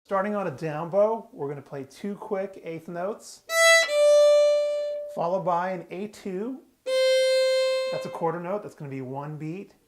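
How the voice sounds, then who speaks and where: A man's voice: high voice, measured pace, long pauses. A man teaching a beginner fiddle tune step by step, explaining patiently and plainly. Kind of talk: step-by-step music lesson. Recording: fiddle music playing loudly. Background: his own fiddle playing.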